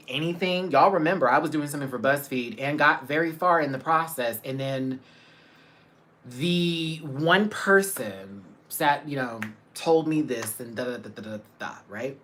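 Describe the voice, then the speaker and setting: A man's voice: medium pitch, sharp tone, a little hiss or hum. A man hosting a casual livestream, chatting with viewers, greeting them by name and laughing often. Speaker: livestream host. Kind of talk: casual live chat with viewers.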